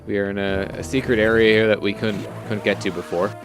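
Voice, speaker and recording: Young male let's-play commentator, relaxed, rambling, lowish voice. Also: a little fast, music in the background. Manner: relaxed, rambling with many uhs. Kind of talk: casual gameplay commentary.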